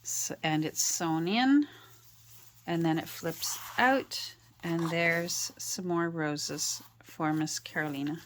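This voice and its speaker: Woman, crafter, lowish voice; relaxed show-and-tell delivery, gentle and hesitant, lots of ums. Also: slight background noise. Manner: gentle, meandering, frequent ums and uhs. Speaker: handmade journal artist. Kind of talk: casual show-and-tell narration.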